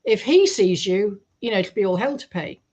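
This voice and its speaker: A British woman quoting a rough, rude middle-aged woman driver while telling a story. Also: medium pitch, lively intonation, moderate pace, darkish tone.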